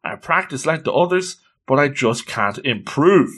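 A man's voice: medium pitch, lively intonation, moderate pace, fairly bright tone. A man voicing an upset teenage girl lacrosse player, with whiny, flustered pleading.

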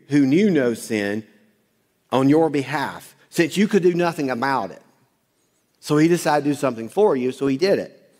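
A man's voice: fairly high pitch, darkish tone. A man preaching a sermon, quoting scripture, asking questions and answering them himself, and calling on the congregation to repeat lines back. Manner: quotes scripture, asks and answers own questions. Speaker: pastor. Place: church sanctuary. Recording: long hall reverb.

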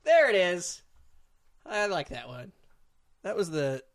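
A man's voice: high-pitched, big pitch swings, takes it slowly. A man co-hosting a casual comedy podcast, teasing his co-host and laughing often.

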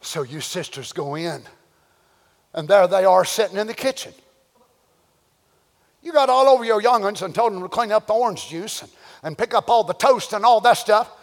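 A man preaching a sermon, swinging between folksy storytelling and shouted, drawn-out exhortation. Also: high-pitched, expressive, creaky, long reverb tail. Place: church sanctuary.

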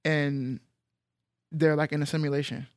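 A man's voice: on the high side, moderate pace, dry recording. Man, podcast co-host, casual rambling chat, slangy, dry close recording. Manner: relaxed, rambling, uses slang and fillers.

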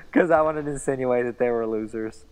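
Casting: male podcast co-host from Arkansas, teasing, pushes playfully. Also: medium pitch. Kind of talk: casual podcast chat.

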